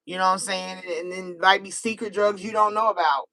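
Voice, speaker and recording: An American woman doing a casual live-stream tarot reading, animated and chatty, laughing easily. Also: mid-range voice, fairly quick, poor audio. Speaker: tarot reader.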